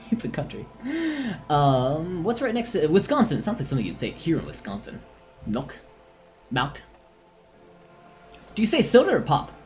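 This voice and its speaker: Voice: medium pitch, wildly swooping pitch, a little fast, a little mellow, soft background music. A streamer chatting casually with viewers during a live game stream, in a giggly, self-deprecating way, with a voice that is starting to tire. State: voice strained and tiring.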